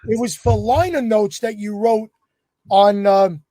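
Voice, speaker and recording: A male podcast host with a high yet warm, dark-toned voice asks questions admiringly. He hesitates often and fills pauses. The sound is dry, with no room echo. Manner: admiring, hesitant with many fillers. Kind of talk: casual interview.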